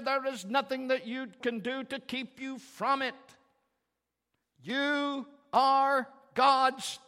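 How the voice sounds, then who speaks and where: A man preaching a sermon as pastor, slow and emphatic, building to loud calls for the congregation to repeat after him. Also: very high-pitched. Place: church sanctuary. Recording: reverberant church hall, faint guitar behind.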